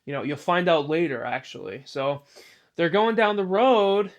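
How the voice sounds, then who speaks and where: A man's voice: fairly high pitch, big pitch swings, normal speed, highs cut off. A man narrating an improvised spoken story in a rambling way, full of "you know" asides.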